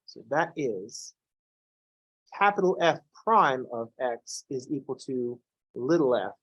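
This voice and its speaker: A man's voice: medium pitch, expressive, takes it slowly, fairly bright tone. A man teaching a college math class in a classroom, lecturing with wry jokes and playful asides.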